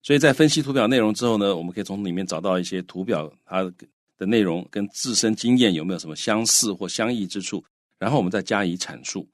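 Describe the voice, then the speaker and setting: A man's voice: fairly low pitch, quick pace, dry recording, studio quality. A man whose first language is Mandarin, co-hosting an English lesson and explaining in Mandarin with English words mixed in. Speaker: co-host teacher. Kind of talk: bilingual radio English lesson.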